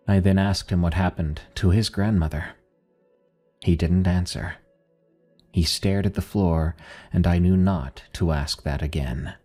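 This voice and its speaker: Deep dark-voiced horror narrator man. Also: slightly rough. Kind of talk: scripted first-person horror narration. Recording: faint music behind.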